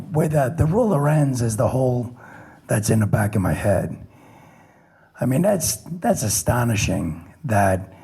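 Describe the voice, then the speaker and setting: Middle-aged cop guy, gravelly and husky, dark voice, plainspoken with dry jokes. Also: medium pitch. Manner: plainspoken, self-deprecating humor, frequent restarts. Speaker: police lieutenant recounting a shooting. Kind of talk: personal testimony talk.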